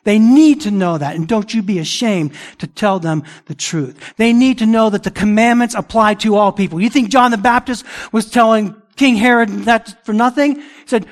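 Emphatic high-voiced male preacher. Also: normal speed, few pauses. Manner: emphatic, repeats phrases for stress. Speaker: pastor. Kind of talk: sermon.

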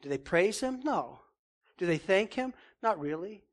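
Man preaching, high voice, earnest and emphatic, rhetorical questions. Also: lively intonation, unhurried. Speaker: pastor. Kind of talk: sermon.

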